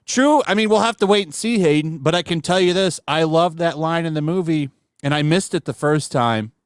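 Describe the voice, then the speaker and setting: Brief: male host, casual chat, slightly high voice, dry close sound. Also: brisk, smooth, no echo. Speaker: podcast host.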